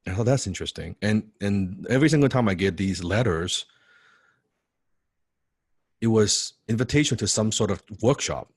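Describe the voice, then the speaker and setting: A man with a fairly low voice tells a personal story in a casual motivational talk. He is animated and keeps stumbling into repeated words and little laughs. The sound is close and dry, with no room around it. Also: normal speed, pauses often, breathy edge, dry recording. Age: young adult. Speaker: business coach.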